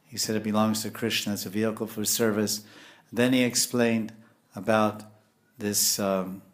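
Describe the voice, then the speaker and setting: A man with a somewhat low voice delivers a spiritual sermon. His talk is animated and full of restarts, and he breaks into soft chuckles as he explains. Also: moderate pace. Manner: animated, lapses into scolding voices when quoting. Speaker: spiritual teacher.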